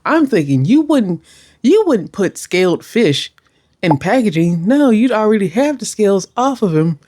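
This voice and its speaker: Animated, exasperated young woman vlogger. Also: mid-range voice, moderate pace. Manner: animated and exasperated, self-deprecating. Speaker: cooking vlogger. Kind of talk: casual storytelling voice-over.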